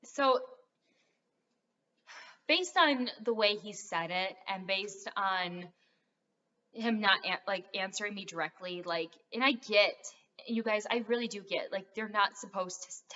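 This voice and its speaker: A young adult woman vlogs casually, talking straight to her viewers in a medium-pitched, bright, forceful voice at an unhurried pace. Her rambling is packed with fillers, and the recording sounds dull and lo-fi.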